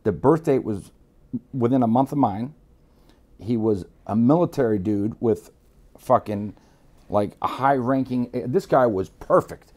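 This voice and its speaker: A middle-aged man from Miami, speaking a little slowly in a mid-range voice, shares a casual story as an interview guest. He swears freely, sounds streetwise, and acts out the voices in animated re-enactments.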